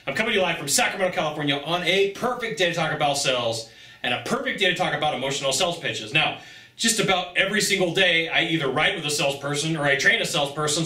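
A man's voice: on the high side, lively intonation, fast talker, bright, forceful tone. A man coaching salespeople straight to camera, talking with lots of energy and acting out exchanges between buyer and seller. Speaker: sales trainer. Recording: roomy sound, mic at a distance.

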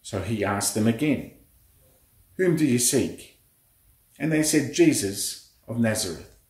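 A man's voice: mid-range voice, expressive, unhurried, darkish tone. A man reading a Bible passage aloud in a church service. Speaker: scripture reader. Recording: roomy echo.

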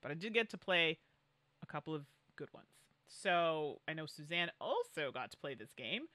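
A woman's voice: low voice, lively intonation, moderate pace, bright, forceful tone, dry recording. A woman from Canada co-hosting a podcast, chatting casually about board games and laughing often. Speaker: podcast co-host.

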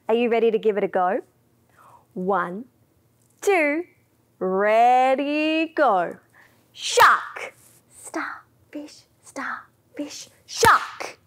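Slow, sing-song woman teaching toddlers music. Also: fairly high pitch. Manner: slow, sing-song and encouraging, dropping to whispers for quiet parts. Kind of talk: children's music lesson.

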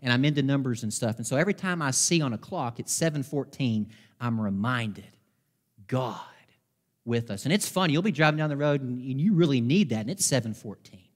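A man preaching a sermon as pastor, fervent, slowing down to stress key words. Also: medium pitch, animated. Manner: fervent, slows down for emphasis. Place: church sanctuary. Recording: long hall reverb in a church.

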